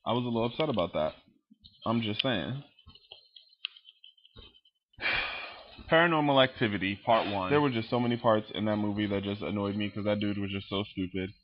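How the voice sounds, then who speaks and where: This man's voice sits on the low side, and he moves at a moderate pace with long pauses. The audio is dull. He's a vlogger ranting casually to his webcam about movie scenes, full of profanity, animated, and mimicking the characters.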